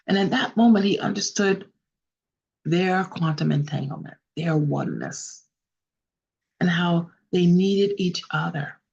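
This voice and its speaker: A woman storyteller telling a folk tale in an unhurried, earnest way, sometimes correcting herself, over a video call. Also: fairly low pitch, gravelly, darkish tone, slightly rough, lo-fi sound. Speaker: storyteller, guest speaker. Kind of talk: oral storytelling.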